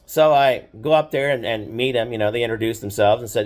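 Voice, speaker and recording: A man's voice: medium pitch, a little fast. Older man rambling through a story. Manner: rambling, indignant, full of fillers and restarts. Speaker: storyteller recounting his past. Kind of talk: casual spoken storytelling.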